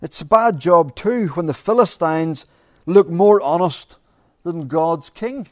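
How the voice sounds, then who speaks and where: A middle-aged male pastor preaching in church. His voice sits fairly high for a man and sounds close and dry. He is earnest and presses his points with repeated phrases and rhetorical questions. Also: expressive, a little slow, darkish tone, dry recording. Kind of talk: sermon.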